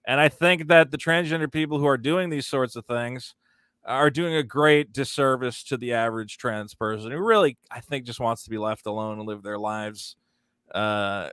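A man's voice: mid-range voice, normal speed, fairly bright tone, clean tone, no echo, clean studio sound. A man, a comedian guest in a casual interview, talking in a sardonic, joking way. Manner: sardonic, joking, quotes people in mocking voices.

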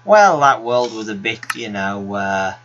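A man's voice: on the low side, sing-song, a little slow, highs cut off. A man giving rambling, wry gaming commentary as a let's play host, talking to himself as he plays. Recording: loud background noise.

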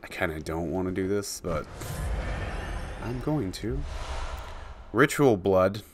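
A man's voice: sits low, lively intonation, slow, background noise. A man giving casual commentary while playing a video game, chatting to the creatures on screen and chuckling often. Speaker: let's play gamer.

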